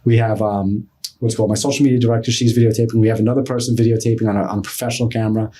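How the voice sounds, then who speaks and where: A middle-aged man, telling a story with a husky, slightly rough voice. He is animated, switches into other people's voices as he acts out their lines, and swears casually. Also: on the low side, very fast. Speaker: podcast guest.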